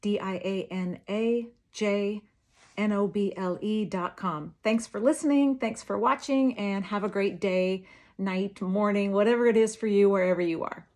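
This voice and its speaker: A woman author reading the first chapter of her novel in an expressive, dramatic voice. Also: mid-range voice, a little slow. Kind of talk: first-person book reading, then casual talk to viewers.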